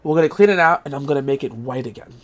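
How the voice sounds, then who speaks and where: A man's voice: medium pitch, racing. A man hosting his retro gaming vlog, ranting in exasperation, swearing casually and coughing now and then. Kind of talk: casual vlog rant and show-and-tell.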